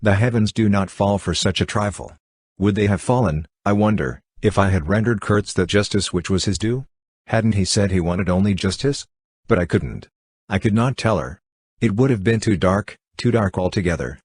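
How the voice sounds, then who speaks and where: A man narrating a literary audiobook in a measured, somber reading. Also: fairly low pitch, husky, no echo, clean studio sound.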